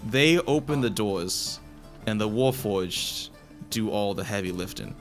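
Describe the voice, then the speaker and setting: A man's voice: fairly low pitch, animated, unhurried, soft background music. A man running a tabletop game as dungeon master, explaining the rules with many restarts.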